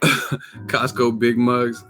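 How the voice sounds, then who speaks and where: A man hosting a boxing live stream, hyped and slangy, rattling off quick shout-outs in casual chat. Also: mid-range voice, level tone, soft background music. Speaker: boxing channel host.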